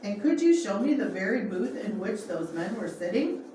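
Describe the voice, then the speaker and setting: A woman voicing a calm, kind middle-aged man preacher who speaks plainly and earnestly. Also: medium pitch, normal speed, close to an everyday voice. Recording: echoey room, far from mic, faint noise.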